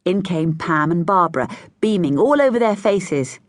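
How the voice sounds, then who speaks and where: A woman narrating a children's story, voicing each child with a higher, brighter pitch. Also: normal speed, few pauses, no room sound, studio quality. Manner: lively, voices each child with raised pitch. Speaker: audiobook narrator.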